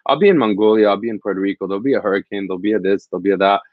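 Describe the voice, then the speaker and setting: A man's voice: lowish voice, rapid-fire, no echo, narrow, tinny audio. A man, a field reporter, telling stories in an interview in an earnest, reflective, rambling way. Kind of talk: conversational interview storytelling.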